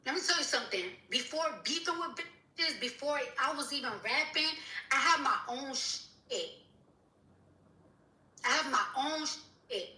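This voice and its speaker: Furious high-voiced woman ranting. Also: unhurried, long pauses, pushed and bright, reverberant, distant mic, rough recording. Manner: furious, profane, repeats herself. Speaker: rapper. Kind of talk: angry rant on social media.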